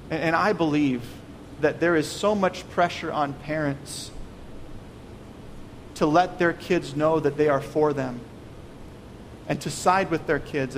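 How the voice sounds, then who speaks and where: A man preaching a sermon, earnest and pleading, often stumbling over repeated words. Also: on the high side. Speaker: pastor. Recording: long reverb, faint noise.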